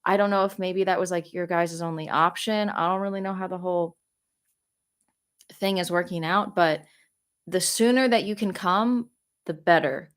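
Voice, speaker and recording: A woman's voice: lowish voice, fairly even intonation, moderate pace. Young woman, livestream host, gushing thanks, rambling casual chat, phone mic. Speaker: vlogger hosting a live Q&A. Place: home, living in South Korea.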